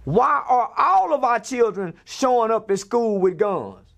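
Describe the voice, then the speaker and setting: Gravelly guy going off in a podcast interview, voice jumping all over, blunt and preachy. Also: extremely high pitch, big pitch swings, measured pace, fairly bright tone. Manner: blunt, preachy, fires off rhetorical questions. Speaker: interview guest.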